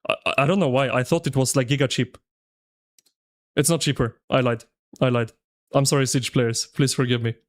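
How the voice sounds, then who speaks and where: A man streaming live, chatting with his viewers in an excitable, slangy, ranting way. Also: medium pitch, brisk, pauses often. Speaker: game streamer. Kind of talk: casual live-stream commentary.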